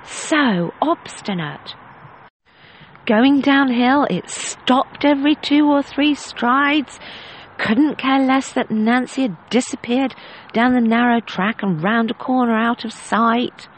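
A woman voicing a frustrated well-to-do lady rider complaining about a slow horse. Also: mid-range voice, a little mellow, slight background noise, poor audio. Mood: exasperated.

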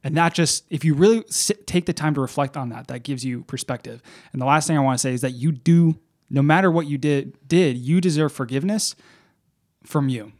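Man, podcast co-host, gently reassuring, reflective, fairly high voice. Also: a little fast. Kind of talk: casual self-help podcast talk.

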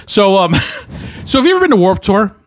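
A man's voice: sits high, big pitch swings, normal speed. A young man co-hosting a casual podcast, telling stories with lots of swearing and laughter. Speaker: podcast co-host. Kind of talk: casual chat.

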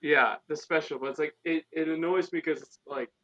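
A man's voice: on the high side, fairly even intonation, fairly quick, a bit bright. Wry man on a dull lo-fi mic. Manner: wry, mildly annoyed storytelling. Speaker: podcast guest. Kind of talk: casual podcast chat.

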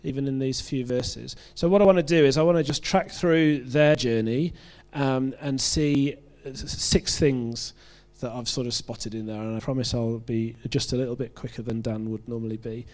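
A man from the UK with a British accent, preaching a sermon in a relaxed, conversational way, joking at his own expense and often restarting his phrases. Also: medium pitch, moderate pace, hardly any pauses. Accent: British English. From United Kingdom. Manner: conversational, self-deprecating, with frequent restarts.

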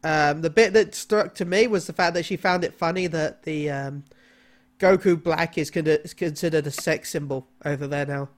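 A man's voice: on the high side, normal speed. A man co-hosting a casual gaming podcast, talking with frequent ums and restarts. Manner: hesitant, many ums and restarts. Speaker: podcast co-host. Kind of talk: casual chat.

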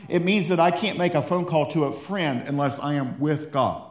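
A man preaching a sermon in a church, fired up and stumbling over his words in quick restarts. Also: fairly high pitch. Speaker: pastor. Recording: roomy echo in a church.

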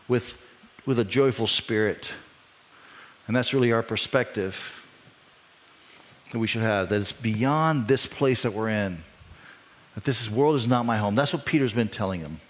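A middle-aged man preaches a sermon in a relaxed, conversational way, telling stories from his own church life. His voice climbs and gets louder when he makes a point, then drops soft and low when he reflects. He sits at an ordinary middle pitch for a man. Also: normal speed, long pauses. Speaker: pastor.

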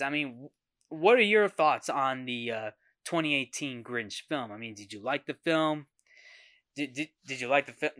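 A man's voice: medium pitch, bright, forceful tone, smooth. A man hosting a movie podcast, giving a casual film review in a rambling way that often restarts and repeats phrases. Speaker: podcast host.

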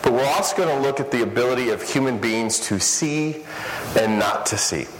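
A man's voice: mid-range voice, moderate pace. A man preaching a sermon to a live congregation, telling self-deprecating stories with jokes. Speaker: pastor. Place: large church hall, live before congregation. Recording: reverberant hall with ambient noise.

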